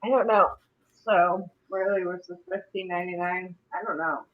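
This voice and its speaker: A middle-aged woman hosting a casual live stream, chatty and quick to laugh. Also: on the low side. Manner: laughs often, chatty and animated. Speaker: livestream host. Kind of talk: casual chat. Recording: dull lo-fi stream audio.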